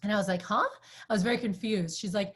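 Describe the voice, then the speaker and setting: A woman's voice: medium pitch, racing, husky. Chatty woman telling a story. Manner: chatty, animated, says "like" often. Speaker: sales trainer. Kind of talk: storytelling talk to a group.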